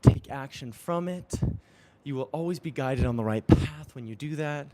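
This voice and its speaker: A man's voice: mid-range voice, normal speed, very noisy. A man exercising during a live-streamed motivational talk, earnest and affirming, often chuckling. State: exercising while talking. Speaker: spiritual coach.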